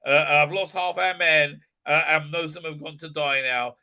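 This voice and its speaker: A man's voice: fairly high pitch, steady tone, moderate pace, sharp tone. A man putting on a mocking parody of a smug, arrogant elf woman leader in a sneering tone. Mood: flippant.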